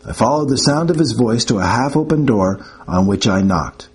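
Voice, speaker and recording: A man narrating an audiobook in the first person, with a measured, wry storytelling manner. His pitch is mid-range for a man but moves expressively, lifting and falling through each sentence. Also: animated.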